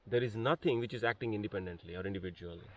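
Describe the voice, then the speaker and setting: A man's voice: lowish voice, racing, a little mellow, recorded from a distance, dull audio. A man speaking reflectively in a casual group talk, hesitant and thoughtful. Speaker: group participant.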